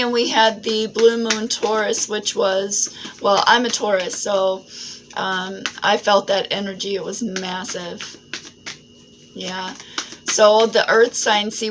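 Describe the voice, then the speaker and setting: Slow, rambling woman reading tarot. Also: mid-range voice. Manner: rambling, frequent "right?" and "um" asides. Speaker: tarot reader. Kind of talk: casual spiritual reading monologue. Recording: noisy home recording.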